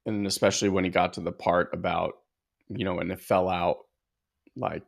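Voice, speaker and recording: A man co-hosting a podcast shares an earnest, reflective story about being a father, his casual talk full of filler words. His low voice is creaky, with a steady tone and normal speed.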